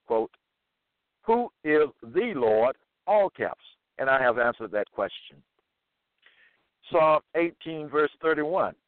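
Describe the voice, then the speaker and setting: A man giving a deliberate scripture lecture and quoting verses with stress. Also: mid-range voice, dry recording. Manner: slow, deliberate, quotes verses with emphasis. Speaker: religious teacher. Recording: tinny phone-like sound.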